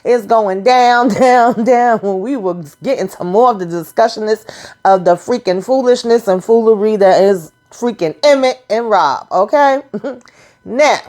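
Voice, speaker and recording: A woman giving a casual, sassy recap of a TV episode, talking straight to her viewers in animated, colloquial speech. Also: mid-range voice, a little slow. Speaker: TV recap vlogger.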